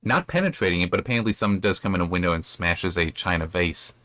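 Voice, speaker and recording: Male host, low voice, dry close recording, casual rambling recap with fillers. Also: fast talker, bright, forceful tone, dry recording. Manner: loose retelling with frequent fillers and self-corrections. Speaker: book review host. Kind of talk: casual chapter recap and commentary.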